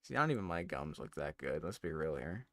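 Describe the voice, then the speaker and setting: A man's voice: rumbling low, big pitch swings, a little fast, a bit bright, no echo, studio quality. A man chatting casually on a live stream while editing photos, giggly and self-mocking.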